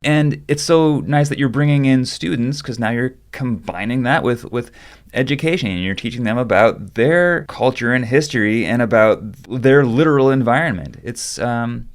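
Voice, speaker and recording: A man hosting a podcast, reading narration and offering thoughtful, measured comments to his guest. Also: mid-range voice, expressive. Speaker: podcast host. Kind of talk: scripted narration and interview comments.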